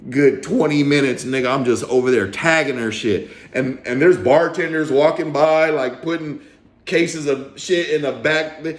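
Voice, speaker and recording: A man's voice: medium pitch, roomy sound. A man telling a story to camera in a casual, slangy, profane way, with lots of swearing. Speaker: storyteller vlogger.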